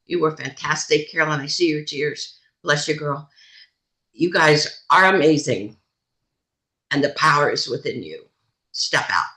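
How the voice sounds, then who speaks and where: A woman's voice: deep voice, a little slow, long pauses, rough recording. Woman host on a video call, emphatic motivational speaker, repeats lines for punch. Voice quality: animated, emphatic, repeats phrases. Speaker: team leader hosting a call.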